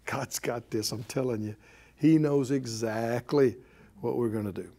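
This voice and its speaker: A preacher voicing calm, deep-voiced Faith. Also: male voice. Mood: soothing. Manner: soothing, unhurried, reassuring. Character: Faith personified, calm reassuring man.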